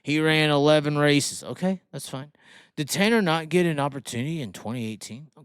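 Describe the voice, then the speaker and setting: Male host, fired-up profane racing rant, smooth clear voice, dry close sound. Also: a little high, a little fast, no room sound. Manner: heated, swearing, mocking. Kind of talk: profane opinion rant on livestream.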